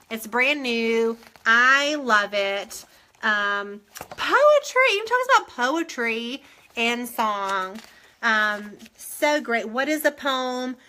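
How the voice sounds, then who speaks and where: A middle-aged woman, a former English teacher gushing over books in a casual show-and-tell, full of ums. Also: sits high. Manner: gushing, excitable, many ums.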